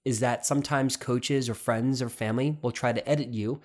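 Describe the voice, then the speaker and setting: A man's voice: mid-range voice, steady tone, fairly quick. A man hosting an interview, talking in a reflective, rambling way with many asides and questions. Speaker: podcast host and author. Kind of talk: casual interview conversation.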